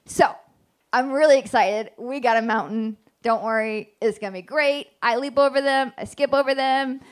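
A woman's voice: a little high, extremely slow. A woman voicing an eager, affectionate male shepherd who coaxes and reassures. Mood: excited.

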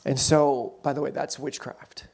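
A man preaching a sermon, telling the story conversationally with quick asides and self-corrections. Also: medium pitch, flat delivery, creaky, darkish tone, breathy edge.

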